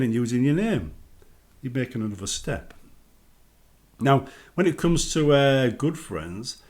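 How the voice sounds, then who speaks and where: A man's voice: on the high side, darkish tone. A British man giving casual advice on a gaming vlog, chatty and acting out everyday greetings. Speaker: gaming vlogger.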